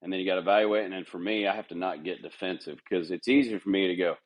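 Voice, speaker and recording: A middle-aged man with a fairly low voice, chatting candidly on a podcast. He tells workplace stories and slips into quick impressions of people he quotes. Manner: candid, storytelling, mimics others' voices. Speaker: golf club manager, podcast guest. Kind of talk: casual interview chat.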